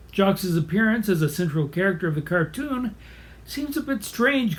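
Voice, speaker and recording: A man giving a scripted, bookish video presentation in a wry, lightly amused manner. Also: sits high. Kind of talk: scripted video essay narration.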